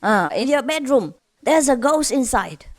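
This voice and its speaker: A woman's voice: sits high, very animated, measured pace, exaggerated voice. A woman doing a frightened little boy, five. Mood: excited. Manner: pleading, insistent.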